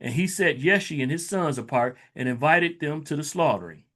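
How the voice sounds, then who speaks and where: A man reading scripture aloud slowly and stopping to explain it in loose, conversational asides, like a Bible teacher. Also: fairly high pitch, animated, a bit bright. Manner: reads verses slowly, then breaks into loose conversational asides. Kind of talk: scripture reading with casual commentary.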